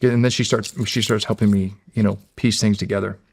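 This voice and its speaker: A man's voice: fairly low pitch, steady tone, brisk, gravelly, darkish tone, slightly rough, no room sound, clean studio sound. A middle-aged American man, a podcast guest, telling a long story in a rambling, casual way and acting out the quotes. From United States. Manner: rambling, acts out quotes, repeats "he's like".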